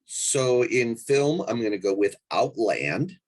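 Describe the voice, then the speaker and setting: A man, an anthology editor, chatting in a round table and talking in a halting way with many fillers. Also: mid-range voice, big pitch swings. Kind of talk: casual round-table chat.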